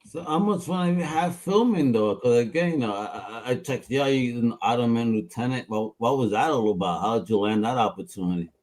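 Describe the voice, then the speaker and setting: A man's voice: mid-range voice, a little fast, few pauses, a little mellow. A male host interviewing a guest in casual chat, full of slang and filler words.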